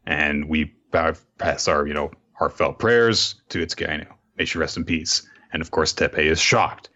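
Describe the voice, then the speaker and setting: A man hosting a podcast, casually recapping a manga chapter with animated storytelling and profane asides. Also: a bass voice, normal speed, hardly any pauses, muffled recording. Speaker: podcast host.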